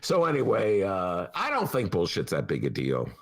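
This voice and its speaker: Creaky, rambling male podcast host. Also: sits low, wildly swooping pitch, moderate pace, fairly bright tone. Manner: rambling, self-mocking storyteller who goes off on tangents. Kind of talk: casual chat.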